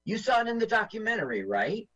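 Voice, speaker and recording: Animated husky man riffing on a movie. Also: high voice, fast, dull audio. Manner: animated, jokey, mimics lines in silly voices. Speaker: podcast co-host. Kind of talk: casual movie-watching commentary.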